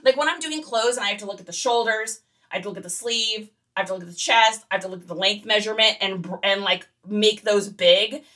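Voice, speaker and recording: A woman's voice: medium pitch, fast, bright, forceful tone, distant mic. A woman who resells online, chatting casually and rambling while she photographs shoes. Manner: chatty and rambling, with fillers and laughs.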